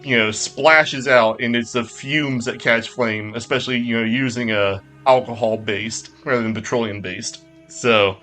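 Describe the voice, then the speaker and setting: A man's voice: mid-range voice, fairly even intonation, unhurried, few pauses, pushed and bright, soft background music. A man playing a tabletop game, casually thinking aloud and explaining his moves with fillers. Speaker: player.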